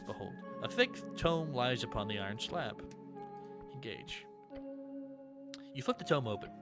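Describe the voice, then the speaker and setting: A man playing a game demo who reads its narration aloud and breaks off into quick, dramatic reactions. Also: mid-range voice, lively intonation, creaky, music in the background. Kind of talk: let's-play commentary, reading game text aloud.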